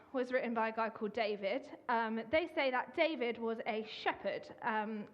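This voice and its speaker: A woman giving a chatty, upbeat sermon in a church, directing volunteers at the front. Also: on the high side. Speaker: church speaker. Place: church hall.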